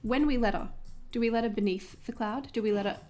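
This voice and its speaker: A woman's voice: on the high side, fast talker, mellow. A young Australian woman hosting a journaling livestream, chatting casually with viewers while she paints, laughing often.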